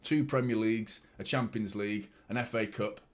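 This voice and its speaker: A man's voice: lowish voice, moderate pace. A young man hosting a live football watchalong, rambling and swearing as he reacts to the match and chats to viewers. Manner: swearing, excitable, rambling with repeated words.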